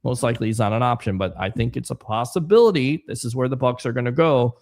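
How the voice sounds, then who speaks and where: A man's voice: medium pitch, quick pace, darkish tone. A man hosting a casual sports livestream, chatting and reading viewer comments aloud with rambling asides. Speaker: sports podcast host.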